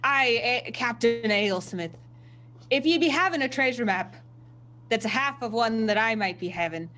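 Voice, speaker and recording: A woman's voice: a little high, lively intonation, moderate pace, sharp tone. A woman voicing a flamboyant female pirate captain in a mock pirate dialect. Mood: swaggering.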